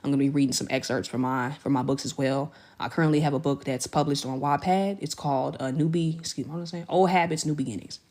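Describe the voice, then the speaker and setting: A woman with a fairly low voice hosts a casual livestream. She talks effusively in loose slang, greeting viewers by name and shouting them out. Now and then she leaps up high when something excites her. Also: quick pace, few pauses. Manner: jumps to high excited pitch when celebrating. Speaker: livestream host.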